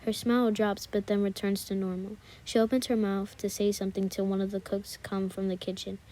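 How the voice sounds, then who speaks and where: A woman reading second-person fan fiction aloud in a calm, soft narration. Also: mid-range voice, brisk. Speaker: story reader.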